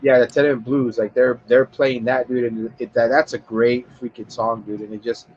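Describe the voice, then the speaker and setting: A man casually retelling a film scene for a podcast, rambling and profane, stumbling over words and jumping into high voices to act out characters. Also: flat delivery, moderate pace, darkish tone, lo-fi sound, a little hiss or hum. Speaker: podcast co-host. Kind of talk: casual film review chat.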